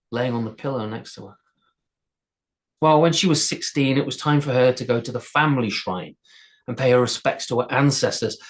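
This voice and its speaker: A male storyteller telling a folktale aloud, unscripted, with restarts and repeated words. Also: medium pitch.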